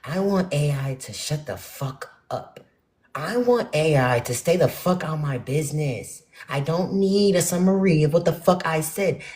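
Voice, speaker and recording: A young woman rants bluntly and profanely to her viewers, swinging between loud outbursts and muttered asides. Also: low voice, animated, a little slow. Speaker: spiritual vlogger. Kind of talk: ranting casual monologue to viewers.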